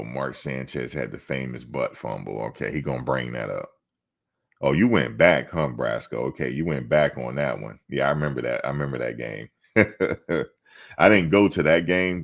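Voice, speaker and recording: Super deep raspy guy on a sports stream, reading chat and teasing people back. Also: expressive, moderate pace. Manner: teasing, talks back to chatters. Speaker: sports channel host. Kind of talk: casual livestream chat, reading viewer comments.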